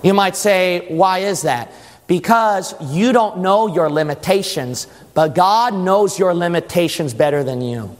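High-voiced preacher in a reverberant hall. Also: male voice, lively intonation, unhurried. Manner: emphatic, asks the congregation questions. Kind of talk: sermon. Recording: long church reverb.

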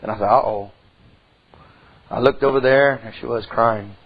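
A man's voice: mid-range voice, steady tone, normal speed, husky, highs cut off. A middle-aged man, preaching a sermon in a church and telling a personal story in a folksy way. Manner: folksy storytelling preacher, swings from loud to hushed. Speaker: pastor.

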